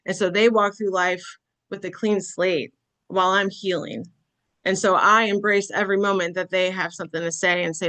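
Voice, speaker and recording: A woman's voice: medium pitch, a bit bright. A middle-aged woman giving a motivational talk on grief, speaking candidly and conversationally, often checking in with "right?" and "okay?". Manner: candid, self-deprecating storytelling. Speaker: conference speaker.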